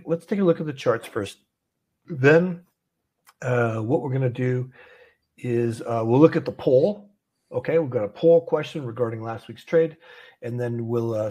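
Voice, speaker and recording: A man's voice: mid-range voice, a little mellow, slightly rough. A man from Canada hosting a casual trading livestream from an office, chatty and easygoing as he walks through charts. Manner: chatty, easygoing, laughs often.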